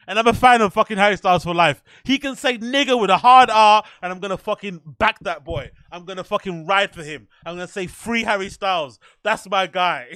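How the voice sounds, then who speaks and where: A man with a high, bright voice tells loose, profane stories in a casual podcast chat. He rambles and doubles back through his anecdotes. The sound is dry and close. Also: no room sound. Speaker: podcast host.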